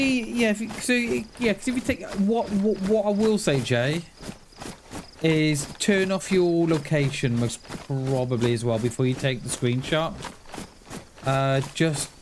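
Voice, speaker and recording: A man chats his way through a live game stream, answering viewers and tossing in mate and dude at every turn. His voice sits a little on the high side. Outdoor game sounds with clicks and animal calls run clearly underneath him. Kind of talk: casual live-stream chat. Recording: clear game noise behind the voice.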